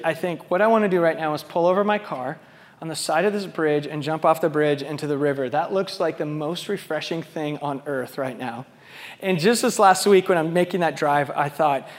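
High-voiced male pastor preaching in a hall. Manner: conversational, wide swings from soft to loud. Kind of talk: sermon. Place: church sanctuary with a small live audience.

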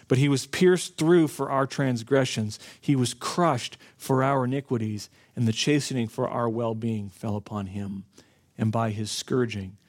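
A man preaching a sermon, earnest, slowing down to stress key phrases. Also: mid-range voice. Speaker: pastor.

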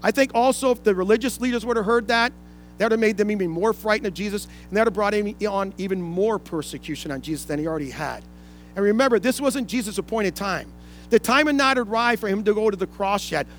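High-pitched guy preaching, earnest, reads scripture out, soft music in the back. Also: quick pace. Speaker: pastor. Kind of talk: sermon.

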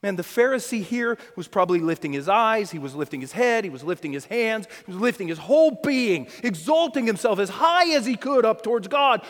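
A man preaching a sermon, swinging from loud crying out to a hushed near-whisper and repeating phrases with stammering restarts. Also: high voice, lively intonation, brisk, few pauses. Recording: long reverb of a hall.

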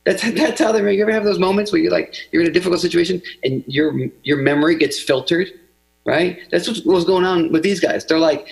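Gravelly-voiced man preaching a sermon. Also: fast talker, low-quality recording. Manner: conversational, acts out quotes with sweeping pitch. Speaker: pastor.

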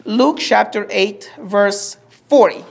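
A woman's voice: mid-range voice, slow pace, creaky. A woman preacher delivering a sermon, asking rhetorical questions and drawing the congregation in with call-and-response.

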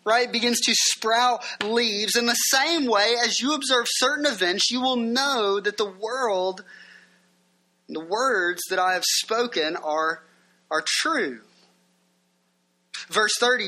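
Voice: medium pitch, slow, pushed and bright. A pastor preaching a sermon in a conversational way, asking the listeners questions and reading passages aloud.

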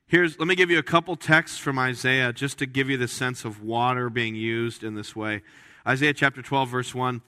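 Man, pastor, sermon, bright forceful voice, chatty with restarts, dry close sound. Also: medium pitch, moderate pace, clear, resonant tone, no echo. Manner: conversational, with frequent restarts and jokes. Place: church sanctuary.

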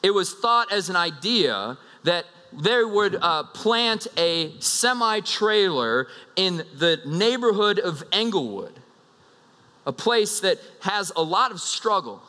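Pastor, thirties, male: bright, fairly high voice, casual storyteller from the pulpit, hall reverb. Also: takes it slowly. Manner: casual, animated storytelling with asides. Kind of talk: sermon with a personal story.

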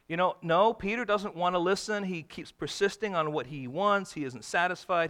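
A man preaches with a bright, forceful voice that sits a little high. He swings from loud, emphatic bursts to hushed, tender passages. He acts out quoted dialogue in a casual, folksy way. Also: expressive, a little fast, hardly any pauses. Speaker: pastor. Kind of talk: sermon.

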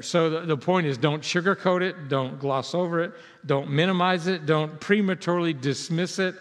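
A man preaching a sermon as pastor, earnest and conversational, moving between emphatic and hushed delivery. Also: mid-range voice. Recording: reverberant hall sound.

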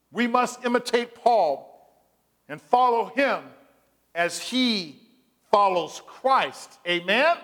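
A man's voice: extremely high pitch, in a large hall. A man preaching a sermon as pastor, telling stories with quoted voices and calling for "Amen" from the congregation. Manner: call-and-response preaching, asks "Amen?"; animated storytelling with quoted voices.

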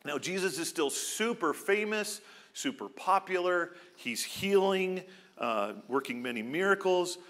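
Bright-voiced man preaching a sermon. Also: high-pitched, animated, a little slow. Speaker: pastor.

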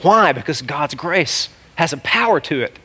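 A man preaching a sermon as a pastor, animated and exclamatory, swinging from loud cries to hushed asides. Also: fairly high pitch, normal speed, breathy edge.

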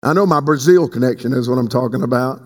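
A man preaching a sermon as pastor, swinging between slow emphatic stretches and sudden high leaps. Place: church sanctuary. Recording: long hall reverb.

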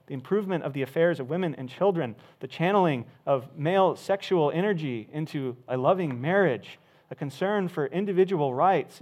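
A man's voice: a little high, darkish tone. A man preaching a sermon, earnest and emphatic, with frequent "uh" fillers. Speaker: pastor.

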